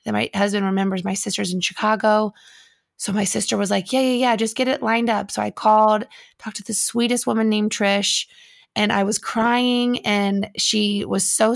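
A woman's voice: mid-range voice, creaky, dry recording, clean studio sound. A woman in her thirties co-hosting a casual chat show, telling stories in a chatty, heartfelt way. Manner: chatty, emotional storyteller. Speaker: co-host.

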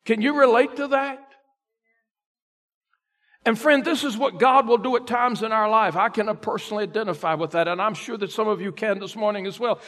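A man pastor preaching a sermon, reading scripture slowly and building to loud emphatic peaks. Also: high voice. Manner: voices a questioning listener in first person.

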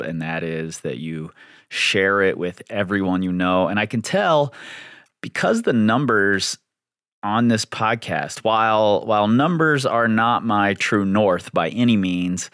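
A man's voice: low-pitched, a bit bright, smooth, no echo, clean studio sound. A man hosting his own podcast, chatting casually and self-deprecatingly with his listeners. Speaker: podcast host.

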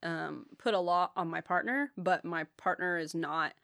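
A woman's voice: on the low side, normal speed, gravelly, fairly bright tone, no echo, clean studio sound. A woman in her twenties, a podcast guest chatting candidly, laughing often and swearing casually. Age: 20s. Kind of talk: casual chat.

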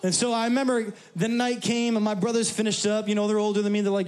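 A man with a high voice preaches to a church congregation. He is a pastor from New York who keeps it conversational and humorous, with asides to the crowd. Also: flat delivery, quick pace, a little mellow. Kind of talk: sermon. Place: church service.

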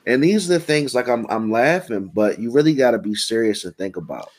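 A man co-hosting a casual podcast, telling a story in a relaxed, rambling way full of fillers. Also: mid-range voice, fairly quick. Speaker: podcast co-host.

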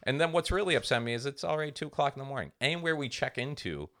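A very fast, animated man in his forties with a mid-range, slightly bright voice, co-hosting a comedy podcast. He rants through a story in casual chat, profane and exasperated, acting out the other people involved.

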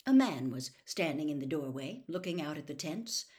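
A woman reading a novel aloud as a storyteller, with a fairly low voice. Her narration is steady and even, moving the story along plainly. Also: normal speed.

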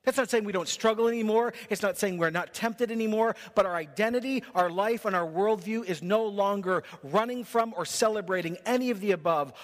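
A man's voice: very high voice, animated, normal speed, hardly any pauses. A male pastor preaching a sermon in a church, emphatic and punchy, in short rhythmic phrases. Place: church sanctuary. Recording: long reverb of a large hall.

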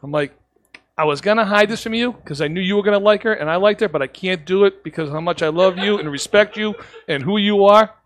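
A man's voice: high-pitched, fast. A man who owns a cigar shop, telling stories in a casual podcast chat and acting out the lines he quotes. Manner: animated storyteller, acts out quotes.

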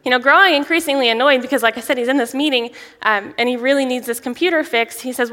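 A young woman, a children's ministry director, preaching a sermon in a church, chatty and lively, often laughing as she tells a story. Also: high voice, fast, hardly any pauses. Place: church sanctuary. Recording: long reverb of a large hall.

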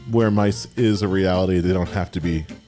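A man hosting a casual podcast chat, easygoing and quick to laugh. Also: low voice, fairly even intonation, dark tone, faint music behind. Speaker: host.

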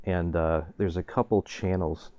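A man's voice: deep voice, fairly even intonation, a little slow, warm tone, dull audio. A man in his forties telling a story straight to the camera in a loose, ranting way. He laughs through it and swears casually. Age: 40s. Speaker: vlogger.

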